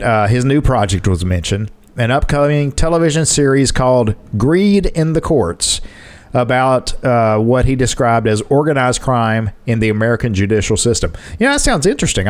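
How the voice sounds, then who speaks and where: A man's voice: medium pitch, a little mellow. A man co-hosting a casual podcast, reading an article aloud with joking asides and frequent laughs. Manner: reads quotes with joking asides, laughs often. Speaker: podcast co-host.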